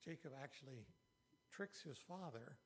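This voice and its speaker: A man's voice: fairly high pitch, animated, measured pace, a little hiss or hum. A man preaching a sermon as pastor, earnest and emphatic, repeating key phrases for weight.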